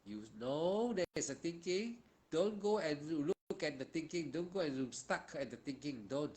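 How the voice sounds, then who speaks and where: A man's voice: a little high, lively intonation, normal speed, a little hiss or hum. A man with a Malaysian English accent teaching a meditation session, talking in an informal, repetitive, emphatic way with local slang particles. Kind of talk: guided meditation instruction.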